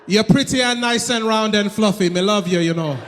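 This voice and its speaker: A male comedian voicing a smooth-talking, flirtatious man with a Jamaican accent, delivered loud and exaggerated in a stand-up set. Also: high-pitched, fairly quick, pitched below the performer's own voice. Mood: flirty. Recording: long hall reverb, faint noise.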